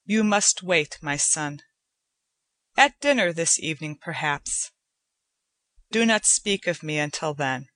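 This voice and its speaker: A woman's voice: low-pitched, expressive, takes it slowly, pauses often, fairly bright tone, dry recording, heavily acted. A woman reading a stately old talking cat. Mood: calm. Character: old proud male talking cat, aristocratic father.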